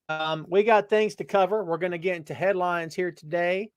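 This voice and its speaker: A man's voice: a little fast, few pauses, smooth, no room sound, clean studio sound. A man hosting a casual live-stream show, greeting viewers from the chat by name and calling them brother and my friend. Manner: jumps between loud exclamations and low asides. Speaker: podcast host reading live chat.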